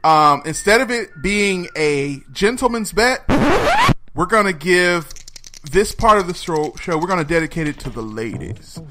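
A man co-hosting a casual movie podcast, laughing often and talking with loud animated energy. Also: high voice, unhurried, very noisy. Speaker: podcast co-host.

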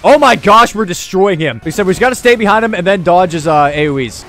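A young man commentating his own boss fight in a video game, excitable and quick to yell and laugh. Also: high-pitched, slight background noise. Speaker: gaming YouTuber. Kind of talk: let's play commentary.

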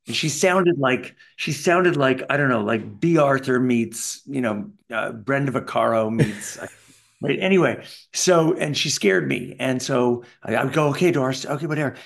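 Middle-aged Canadian man, gravelly, lively anecdotal interview guest. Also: mid-range voice, moderate pace. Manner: animated, does voices of people in his stories. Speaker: voice actor guest.

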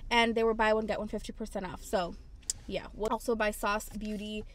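A young woman chatting casually in a haul vlog, telling stories in an animated way. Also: medium pitch, normal speed, slight background noise. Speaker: lifestyle vlogger.

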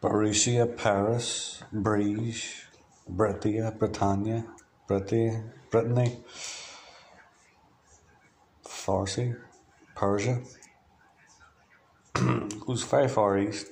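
A man from Ireland delivering a rambling, free-associating monologue in a flat, matter-of-fact way, drifting from one word to the next. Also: on the low side, slow pace, gravelly, long pauses, a little hiss or hum. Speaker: diarist.

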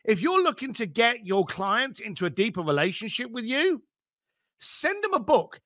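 A man being interviewed as an entrepreneur, giving blunt, energetic business advice and swearing casually. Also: extremely high pitch, moderate pace, no room sound, studio quality. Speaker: entrepreneur guest.

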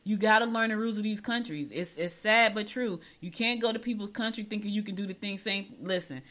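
A woman's voice: mid-range voice, brisk, a bit bright. A woman radio host giving outspoken, chatty commentary on the news in a casual talk-radio style. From United States.

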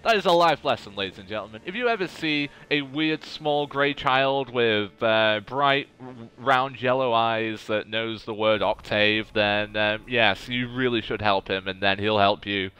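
A man giving animated, chatty let's play commentary as he plays. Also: medium pitch, a little slow, few pauses, smooth. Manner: animated, chatty, self-deprecating. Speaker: gaming video host.

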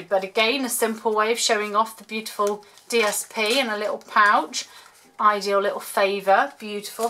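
A woman chatting excitedly as she unwraps and shows off handmade craft gifts in a casual home vlog. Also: fairly high pitch. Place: home room, road sweeper outside. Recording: faint street noise and paper crinkling.

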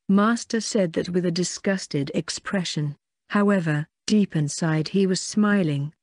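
A flat, monotone synthetic voice narrating a fantasy audiobook in the first person. The pitch sits in the middle range and the recording is dry and close, with no room around it. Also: unhurried, no echo.

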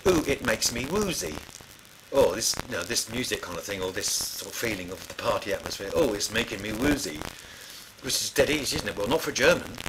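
Here a middle-aged man's lowish voice carries over background noise as he casually recounts studio stories, wandering off track with lots of fillers and restarts.

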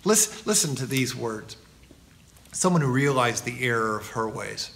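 Bright-voiced preaching pastor. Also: male voice, medium pitch, a little slow, vocal fry. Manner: storytelling with a lively delivery. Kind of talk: sermon.

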